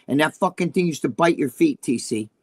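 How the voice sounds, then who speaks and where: An older man with a New Jersey accent holds forth in a casual chat. His voice sits a bit high, and he tells long, crude stories full of swearing and asides. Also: fairly quick. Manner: crude, rambling storyteller, swears a lot. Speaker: podcast co-host.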